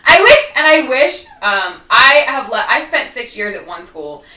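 Woman, podcast co-host, former teacher, chatty, bright voice, roomy echo. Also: sits high, sing-song, measured pace, recorded from a distance. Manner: chatty, many fillers and laughs. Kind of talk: casual podcast chat.

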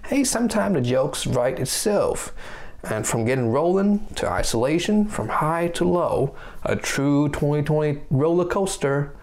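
A man's voice: fairly high pitch, expressive, a little slow, a little mellow. A man delivering a short comic story with punchlines. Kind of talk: stand-up storytelling.

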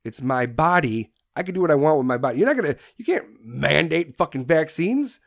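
A man with a slightly high voice delivers a heated political rant straight to his audience. He swears constantly and sounds combative and fed up. It is a casual, unscripted monologue. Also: very animated, a little fast, creaky, few pauses. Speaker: political commentator. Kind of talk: ranting monologue.

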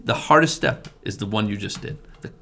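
This is a middle-aged man, a family pastor who also leads a men's group, earnestly giving his testimony in a casual chat. He keeps restarting and repeating words, and his fairly low, sharp voice carries vocal fry at a slightly quick pace.

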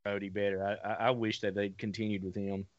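A man hosting a casual live show, reading out viewer comments and rambling in an animated way. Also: fairly low pitch, fast, no room sound, lo-fi sound. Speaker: podcast host.

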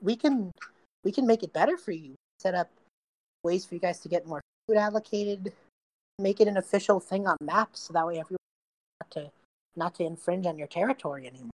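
A woman's voice: on the low side, a little fast, a little mellow, no echo, close to an everyday voice, rough recording. Woman playing an earnest young prince. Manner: earnest, rambling, eager to please. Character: young male human prince, earnest peacemaker.

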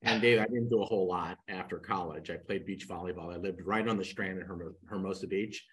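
A man's voice: deep voice, fast, husky, poor audio. An older man, a guest real estate coach, telling his story in a podcast interview and acting out the people he quotes. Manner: animated storyteller who acts out quoted speakers.

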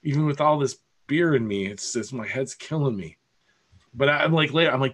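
A man's voice: medium pitch, fairly quick, fairly bright tone, slightly rough. A middle-aged man hosting a casual podcast over a video call, telling a rambling story and swearing freely. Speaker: podcast host.

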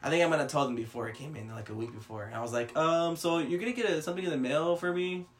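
A young man, telling a story in casual chat, animated and swearing a lot. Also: on the high side, quick pace, faint music behind.

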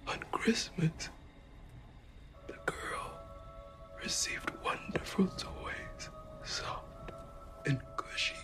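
An actress playing an eerie woman doppelganger who tells a tale in a strained, whispery rasp, in a film clip. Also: drawn-out words, pauses often, music in the background.

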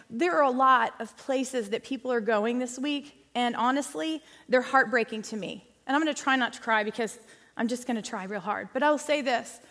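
High-voiced woman teaching in a church hall. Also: fairly bright tone. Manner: chatty, emphatic, addresses audience as guys and y'all. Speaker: women's ministry speaker. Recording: long hall reverb.

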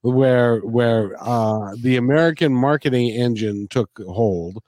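A man's voice: mid-range voice, slow, darkish tone, dry recording. A man who drives a bus, co-hosting a casual chat, rambling and joking through a rant. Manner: rambling, jokey, ranting. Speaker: podcast co-host, bus driver.

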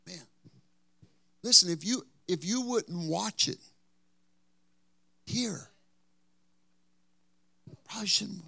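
Emphatic storytelling preacher, dry close sound. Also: male voice, high-pitched, slow pace, gravelly, pauses often, breathy edge, no room sound. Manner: storytelling preacher, rising to loud emphatic outbursts; drops to a whisper for emphasis. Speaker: pastor. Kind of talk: sermon.

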